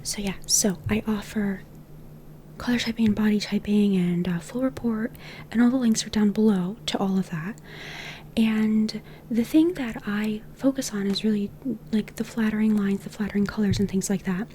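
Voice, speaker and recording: A woman talking to camera about personal style in a gentle, whispered, heart-to-heart way. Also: medium pitch, steady tone, normal speed, slight background noise. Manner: whispers much of the time. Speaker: style consultant and YouTuber. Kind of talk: soft-spoken talk to camera.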